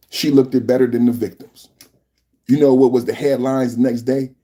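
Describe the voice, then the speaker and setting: A man hosting a live political podcast, talking in a mocking, animated way that repeats his points over and over. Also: mid-range voice, moderate pace. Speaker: podcast host. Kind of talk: live-stream political commentary.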